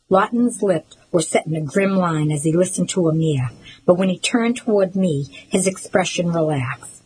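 A woman with a fairly low voice reads a novel aloud for a reading service. Her delivery is even and measured, with a faint hiss in the background. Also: rough recording. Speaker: volunteer reader for a reading service. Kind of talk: audiobook reading.

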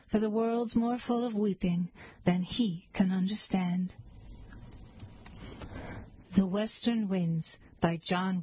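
A woman reading poems aloud in a slow, measured, lilting recitation. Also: medium pitch, mellow, slightly rough, no room sound, low-quality recording. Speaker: poetry reader.

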